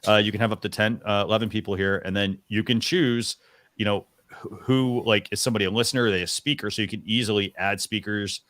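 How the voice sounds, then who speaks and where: Male host, low voice, dry close sound, casual rambling demo style with frequent fillers. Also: fairly even intonation, fast talker, a bit bright, no room sound. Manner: chatty, rambling with many fillers and restarts. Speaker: show host. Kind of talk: casual live demo on a talk show.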